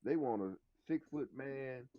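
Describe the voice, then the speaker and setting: A man's voice: medium pitch, unhurried, dry recording, lo-fi sound. A man in his fifties on a debate panel, teasing the others in a casual way. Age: 50s. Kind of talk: live-stream debate.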